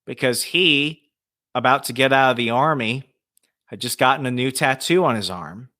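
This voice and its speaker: A man telling a ghost story as a podcast guest, lively and swearing freely. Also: medium pitch, normal speed. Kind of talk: casual storytelling.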